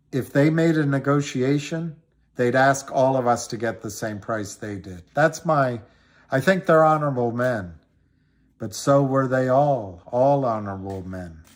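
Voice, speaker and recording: Slow rambling middle-aged man. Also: medium pitch. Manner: rambling, storytelling, many restarts. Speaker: livestream host answering callers. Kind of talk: rambling live-stream chat.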